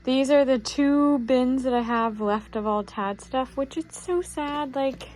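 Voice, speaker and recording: A woman's voice: high-pitched, measured pace, a little mellow, soft background music. Heartfelt rambling woman vlogging at home. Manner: rambling and heartfelt, many "like" fillers. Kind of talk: casual personal vlog. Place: home while sorting belongings.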